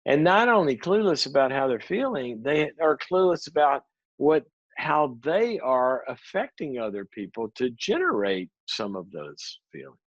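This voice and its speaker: Animated man teaching, slightly muffled. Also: mid-range voice, measured pace, dry recording. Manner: animated storyteller, acts out quoted dialogue. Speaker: psychologist and speaker. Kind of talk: conversational teaching talk.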